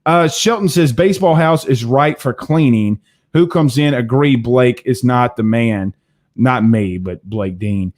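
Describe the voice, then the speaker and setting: A man's voice: medium pitch, measured pace. A man hosting a live sports talk show, reading viewer comments and making his points with emphatic repetition. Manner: animated, emphatic, repeats phrases, addresses viewers directly.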